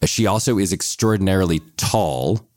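A man's voice: low voice, normal speed, a little mellow, no echo, studio quality. A man chatting casually as a podcast guest, telling stories with frequent restarts. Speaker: guest, TV writer and producer.

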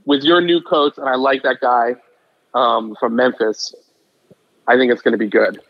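A man's voice: medium pitch, steady tone, normal speed, no room sound, lo-fi sound. A man from Philadelphia, a reporter guest on a podcast, chatting eagerly about sports. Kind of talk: casual sports chat.

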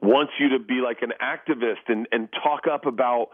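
A man in his forties, a comedian guest in a casual interview, telling animated stories, laughing often and acting out the voices of the people he quotes. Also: mid-range voice, moderate pace, no echo, phone-quality sound.

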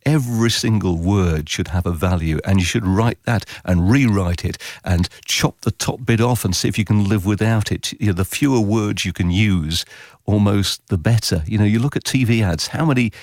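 A man answering interview questions about radio writing, animated and chatty, often acting out imagined voices. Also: normal speed, no room sound, clean studio sound. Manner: animated, quotes imagined voices with big pitch leaps.

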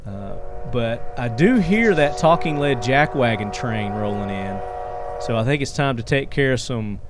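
Rambling through his stories with plenty of fillers and chuckling often, a man hosts a casual podcast. He speaks unhurriedly at medium pitch with lively intonation, over a noisy background.

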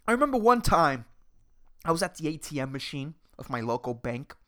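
A woman with a deep voice talks a little fast while ranting alone on her podcast. Over-caffeinated and excitable, she rambles, swears a lot, and keeps cutting herself off.

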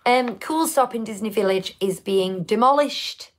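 A woman's voice: fairly high pitch, a little slow. Chatty woman co-hosting. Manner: chatty, rambling with restarts. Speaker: podcast co-host. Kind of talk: casual live-stream chat.

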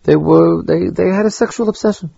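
A man teaching a Torah lesson, halting and repeating words as he thinks aloud, with Hebrew terms mixed in. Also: on the high side, vocal fry, warm tone, breathy edge, no echo, highs cut off. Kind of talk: spoken Torah lecture.

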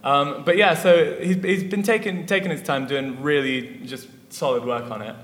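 A man's voice: fairly high pitch, normal speed, fairly bright tone. A man, a musician guest, chatting casually in an interview, rambling with lots of fillers. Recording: echoey hall with faint noise.

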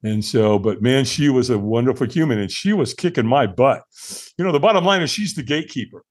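Older American man, sixties, mid-pitched, earnest storyteller who restarts his sentences, interview guest. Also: brisk. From United States. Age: 60s. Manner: earnest, animated retelling with filler-heavy restarts. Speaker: podcast guest.

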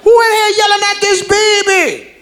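A man voicing an elderly grandmother who shouts in a drawn-out preaching cadence to protect her grown son. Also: very high voice, voice pushed up. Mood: indignant shouting.

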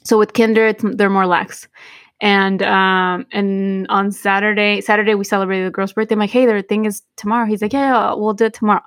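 A woman's voice: medium pitch, level tone, fairly quick, a bit bright, dry recording, clean studio sound. Chatty woman podcaster mixing in Spanish. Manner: chatty storytelling, switching into Spanish. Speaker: podcast co-host. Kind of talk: casual chat.

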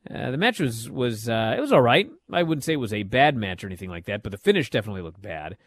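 A middle-aged man hosting a wrestling recap show, telling the matches in a lively, up-and-down casual way. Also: medium pitch, fast, no room sound. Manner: animated storytelling, swings loud and soft.

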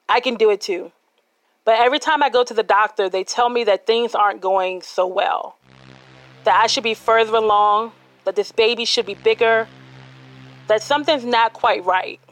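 A woman's voice: on the high side, fairly bright tone, poor audio. A woman telling a personal true story in a candid, conversational and dramatic manner.

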